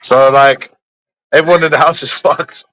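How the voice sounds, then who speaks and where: A man's voice: fairly high pitch, steady tone, moderate pace, bright, forceful tone, no room sound, poor audio. A young man, chatting casually with friends in repetitive, laughing, slangy banter. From London. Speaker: streamer.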